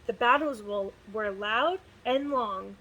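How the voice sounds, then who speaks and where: A woman reading a picture book aloud to children with expressive, sing-song storytelling. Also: on the high side, takes it slowly, highs cut off. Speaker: student success advisor reading to children.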